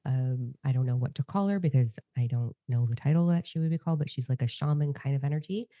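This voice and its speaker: A woman co-hosting a podcast in a candid, free-flowing, expressive chat. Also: a bass voice, fast talker, dry recording. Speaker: podcast co-host. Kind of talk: casual heart-to-heart chat.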